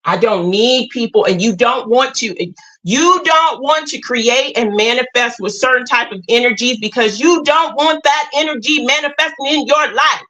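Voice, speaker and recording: A woman with a high, sharp voice talks straight to her livestream viewers. She is emphatic and blunt, with a preachy edge as she lays out her spiritual views. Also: moderate pace, rough recording. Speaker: livestream host. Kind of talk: impassioned spiritual talk to viewers.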